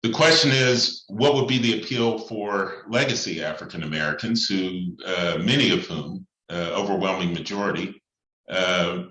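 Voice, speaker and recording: A priest speaking in a thoughtful, measured way, pausing often with fillers as he lays out his points. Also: deep voice, bright, forceful tone. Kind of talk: reflective talk on church and society. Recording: echoey room, slightly dull sound.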